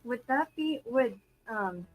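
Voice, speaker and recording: Woman with a fairly high voice, tabletop player, methodical questions, some hesitation. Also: lively intonation, takes it slowly, soft background music, low-quality recording. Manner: practical, asks rule questions, hesitant fillers. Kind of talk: casual tabletop play.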